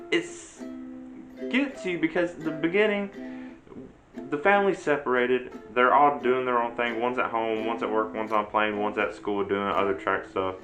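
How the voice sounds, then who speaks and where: A man's voice: mid-range voice, a bit bright. A man giving a casual, rambling spoken review of a show, chuckling often as he chats. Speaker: anime reviewer. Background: faint ukulele music.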